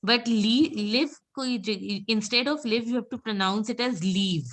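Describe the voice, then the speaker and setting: A woman's voice: fairly high pitch, fairly bright tone. Patient woman teaching French sounds. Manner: patient, repeats words slowly for students to echo; calls on students by name and praises. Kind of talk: live class pronunciation drill.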